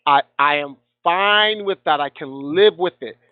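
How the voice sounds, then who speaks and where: A man's voice: a little high, unhurried, no room sound. A man with a somewhat raised voice tells a heated story with passion. He slips into the voices of the people he quotes. He comes through a thin, tinny phone line with no room sound around him. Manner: passionate, acts out quoted dialogue. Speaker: guest gamer.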